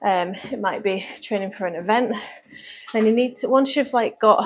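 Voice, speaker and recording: A woman's voice: mid-range voice, moderate pace, lo-fi sound, slight background noise. A woman with a Manchester accent chatting casually as a fitness coach on a live stream, rambling with lots of fillers. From North West England.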